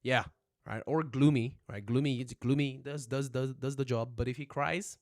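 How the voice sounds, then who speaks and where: A man's voice: medium pitch, steady tone, normal speed, a little mellow. A young man teaching casually on a livestream, joking, rambling and swearing, with constant "right?" check-ins, recorded on a phone at home. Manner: joking, rambling, profane, says "right?" a lot.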